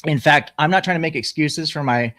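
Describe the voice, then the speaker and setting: A man telling a personal story in casual, profane conversation, animated as he goes. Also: on the high side, a little fast, no room sound, clean studio sound.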